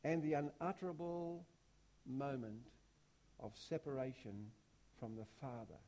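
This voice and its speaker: A man preaching a sermon, driving points home with repeated rhetorical questions and big swings from hushed to loud. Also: medium pitch, steady tone, measured pace.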